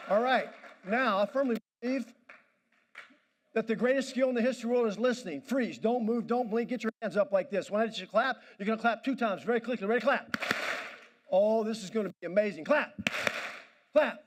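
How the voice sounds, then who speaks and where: High-voiced man firing up a crowd. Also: fairly quick, a little hiss or hum. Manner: commanding, pumping up the audience. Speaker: motivational speaker. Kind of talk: energetic crowd-directed speech. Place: banquet hall.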